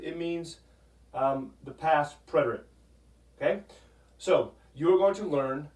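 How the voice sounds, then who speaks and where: A man teaching a Spanish grammar lesson, patient, repeating "okay?" often and sounding out words slowly. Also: a little high. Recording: echoey room, voice from a distance.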